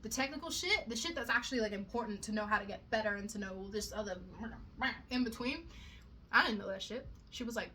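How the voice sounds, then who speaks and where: Young woman, slightly high voice, rambling casual vlog, salty language, self-deprecating, faint room noise behind. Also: fast, sharp tone. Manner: chatty, swears a lot, self-mocking asides. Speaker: vlogger.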